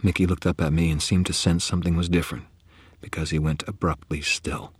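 A man narrating first-person fiction in a grave manner, often dropping into a hushed whisper. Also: deep voice, level tone, brisk, slightly rough, no echo. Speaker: audiobook narrator.

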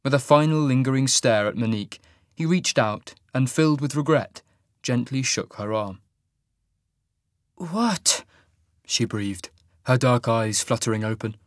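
A man reading fantasy fiction aloud in a measured, even manner. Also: mid-range voice, dry recording, clean studio sound. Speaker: audiobook narrator. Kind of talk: scripted fantasy narration.

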